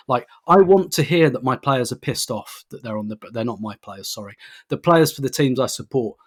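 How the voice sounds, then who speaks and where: A man's voice: medium pitch, brisk. A man co-hosting a casual podcast, talking at length with frequent laughs and restarts. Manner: rambling, laughs often, many restarts. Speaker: podcast co-host.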